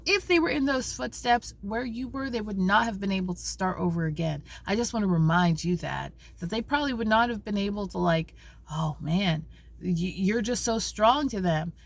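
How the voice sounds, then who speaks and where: A woman vlogging from a parked car, telling a story in an animated, conversational way with many restarts and asides. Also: on the high side, creaky. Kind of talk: casual spiritual vlog talk.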